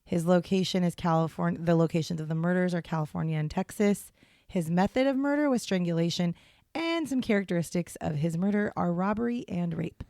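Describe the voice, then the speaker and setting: A woman's voice: on the low side, brisk, warm tone, no echo, clean studio sound. A woman co-hosting a casual true crime podcast, chatting in a rambling way with fillers, recording in a small hotel room. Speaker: podcast co-host. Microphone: headphones and portable podcast setup.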